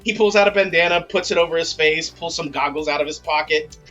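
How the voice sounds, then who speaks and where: A man's voice: on the high side, quick pace, pushed and bright, muffled recording, soft background music. A man playing a tabletop game, casually describing his character's actions. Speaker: player. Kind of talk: tabletop role-play narration.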